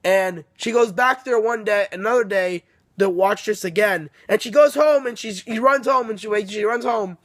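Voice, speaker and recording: A man's voice: high-pitched, normal speed, a bit bright, no echo. A young man casually recapping a book, rambling, swearing and apologizing as he laughs along. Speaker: book reviewer. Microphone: phone camera.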